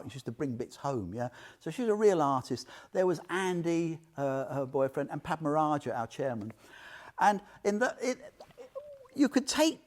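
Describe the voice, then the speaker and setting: Older man, chatty Dharma talk, lively pitch swings, heartfelt. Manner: chatty, emotional, frequent "yeah?" and "you know". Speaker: Buddhist teacher giving a talk. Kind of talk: informal Dharma talk with personal stories.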